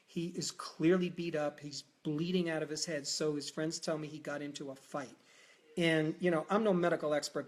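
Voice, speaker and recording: A man hosting a live talk, telling a personal story in a lively way and acting out the dialogue. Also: fairly high pitch. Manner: animated, acts out quoted dialogue. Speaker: host.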